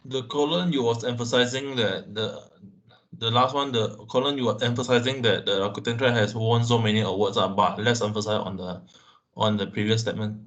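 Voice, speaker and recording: Man, Malaysian English accent, low-ish pitch, halting speech, class participant on a call. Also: fairly even intonation, fairly bright tone. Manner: hesitant, repeats words while searching for phrasing. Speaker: course participant.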